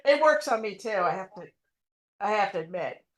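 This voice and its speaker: A woman in casual chat, reacting to a story with quick comments and laughter. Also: medium pitch, expressive. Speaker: co-host.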